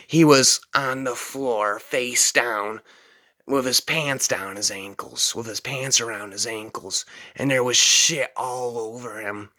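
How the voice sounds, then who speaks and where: A man's voice: mid-range voice, bright, forceful tone. A man telling a rambling personal story casually, dropping "man" between phrases. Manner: rambling, drawls, fillers like "man".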